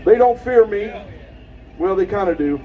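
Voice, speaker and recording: A man giving an impassioned rally speech outdoors, preaching and shouting at the crowd. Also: sits high, expressive, normal speed, recorded from a distance, narrow, tinny audio. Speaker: rally speaker.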